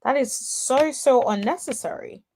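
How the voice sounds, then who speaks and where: Slow-talking woman hosting a reaction commentary. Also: high-pitched, a little mellow. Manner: chatty, exasperated asides, talks to viewers and chat. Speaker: host. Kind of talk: casual commentary reacting to a clip.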